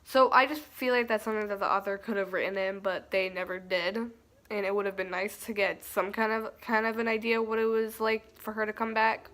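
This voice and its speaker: A woman's voice: mid-range voice, flat delivery, brisk, a bit bright. A young woman giving a casual, chatty and earnest spoken book review. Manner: chatty and earnest, with fillers and restarts.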